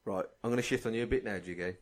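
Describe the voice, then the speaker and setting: A man hosting a comedy podcast who runs a quick game and prompts the others. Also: on the low side. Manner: brisk, playful game-show prompting. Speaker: podcast host running a game. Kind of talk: casual comedy chat.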